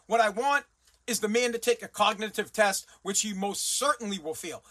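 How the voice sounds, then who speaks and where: A man's voice: high voice, a bit bright. A man hosting a commentary show, ranting bluntly and sarcastically and swearing freely.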